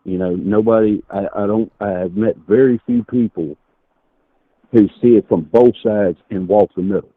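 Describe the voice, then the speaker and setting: A man calling in to a political debate, talking hesitantly and halting over his words. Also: on the low side, steady tone, dry recording. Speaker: caller. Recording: tinny phone line.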